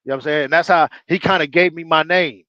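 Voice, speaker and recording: A man's voice: fairly high pitch, quick pace, sharp tone, dry recording, lo-fi sound. A man telling a long personal story on an online panel in loose, slangy street talk, full of fillers. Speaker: panel guest.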